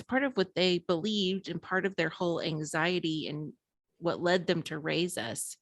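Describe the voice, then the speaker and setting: A woman's voice: lowish voice, dry recording, studio quality. A woman in her thirties, speaking as an author and podcast guest, who talks frankly and with self-deprecating humor, often laughing between phrases. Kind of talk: candid conversational interview.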